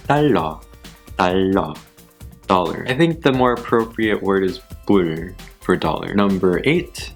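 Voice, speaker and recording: A young man chatting casually on his channel, laughing often at himself and repeating words slowly to practice saying them. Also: medium pitch. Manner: giggly, self-deprecating, repeats words slowly. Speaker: YouTuber. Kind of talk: casual vlog, word list.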